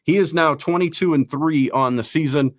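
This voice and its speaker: A man hosting a casual sports talk show, rattling off rankings quickly with self-deprecating asides. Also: a little high, dry recording. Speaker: host.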